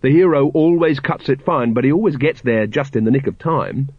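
A man's voice: mid-range voice, brisk, breathy edge, dry recording, close to an everyday voice. Man doing a worn-out watch captain, frayed and breathless, dry slightly dull sound. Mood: frantic. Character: weary out-of-shape male watch captain. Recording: slightly muffled dry recording.

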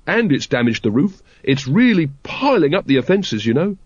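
A man's voice: fairly high pitch, big pitch swings, moderate pace, breathy edge, no room sound, muffled recording. A man doing an earnest young watchman. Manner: earnest, pedantic. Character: earnest, rule-minded young male watchman.

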